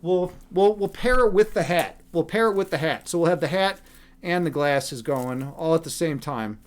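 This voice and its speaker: A man's voice: fairly high pitch, moderate pace. A man hosting a live stream from home, chatting casually and playfully, rambling with many restarts as he talks to viewers. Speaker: livestream meditation host. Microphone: webcam.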